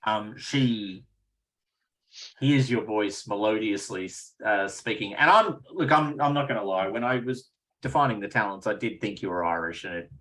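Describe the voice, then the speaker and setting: A man running a tabletop game as game master, relaxed and chatty, with frequent ums. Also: on the low side, moderate pace, low-quality recording.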